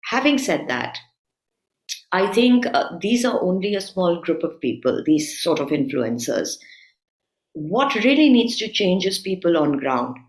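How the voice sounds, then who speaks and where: A woman's voice: on the low side, big pitch swings, a little slow, roomy sound. A woman speaking as a guest commentator in a talk-show conversation, assertive and emphatic as she argues her points. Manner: assertive, rising emphatic when arguing.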